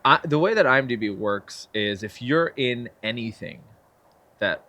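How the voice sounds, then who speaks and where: A man's voice: mid-range voice, moderate pace. A young man, a filmmaker and actor, telling stories as a guest in a casual interview, acting out the quotes. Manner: animated storyteller, acts out quotes with laughs.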